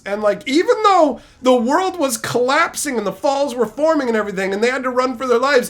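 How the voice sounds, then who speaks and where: Male streamer, exasperated storyteller with a very lively, swooping pitch; profane, escalating rants. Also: a little fast, few pauses. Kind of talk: ranting storytelling to a live chat.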